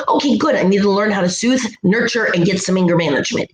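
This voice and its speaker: Animated spiritual vlogger woman, echoey room. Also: medium pitch, quick pace. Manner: animated, playful voices for asides. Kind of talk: motivational self-help talk. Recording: echoey room with faint noise.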